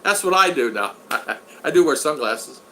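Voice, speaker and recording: A man's voice: a little high, lively intonation, normal speed, bright, forceful tone, slight background noise, poor audio. A man in his sixties hosting a casual livestream, reading viewer comments aloud in a rambling, folksy, joking way. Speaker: channel host.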